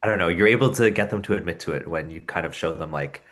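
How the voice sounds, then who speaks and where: A man's voice: sits low, quick pace, fairly bright tone. A man who works as a professional puppeteer, a guest on a casual podcast, talking thoughtfully and acting out his anecdotes. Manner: thoughtful storyteller, acts out anecdotes. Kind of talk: casual interview chat.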